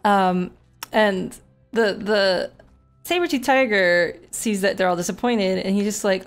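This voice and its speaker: A woman streaming a game, chatting away in an animated, storytelling way. She swears freely and keeps a medium pitch. Her talk stays loose and unscripted. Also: normal speed, soft background music. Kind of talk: casual gameplay commentary.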